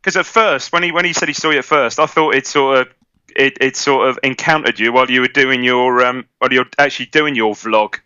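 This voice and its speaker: A man's voice: medium pitch, fairly even intonation, brisk, sharp tone, clean tone, dry recording, lo-fi sound. A man co-hosting a casual football podcast, often jumping in with questions and prompts. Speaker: podcast co-host.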